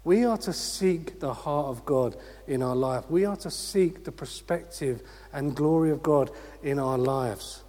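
A man preaching a sermon, energetic, with rhetorical questions and call-outs to the congregation. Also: fairly high pitch, unhurried, long reverb tail.

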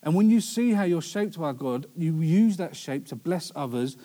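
A man's voice: a little high, animated, normal speed, dark tone. A young man preaching a sermon in a conversational way, with storytelling asides.

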